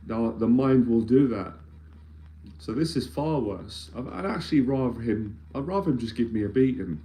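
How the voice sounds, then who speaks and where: A man's voice: mid-range voice, expressive, normal speed, dark tone. A man, an anxiety mentor speaking earnestly and emphatically in a live-streamed talk, often repeating phrases as he builds a point. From London, England.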